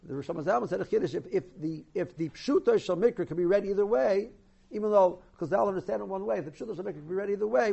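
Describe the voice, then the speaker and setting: A man giving an informal lesson on the laws of Torah reading, halting often and restarting his sentences. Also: sits high, vocal fry, a little mellow, breathy edge. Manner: halting, many restarts and repeated words. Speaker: Torah teacher. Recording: dull lo-fi recording.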